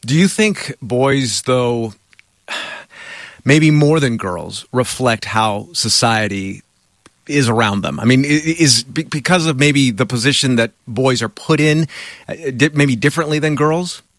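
A man's voice: medium pitch, a little slow, fairly bright tone, no room sound, clean studio sound. Earnest middle-aged male interviewer. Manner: earnest, chatty, self-deprecating. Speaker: interviewer host. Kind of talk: conversational interview.

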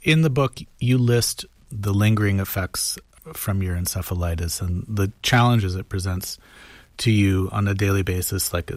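A man interviewing an author, asking questions in a gentle, conversational way. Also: low-pitched, moderate pace, dry recording.

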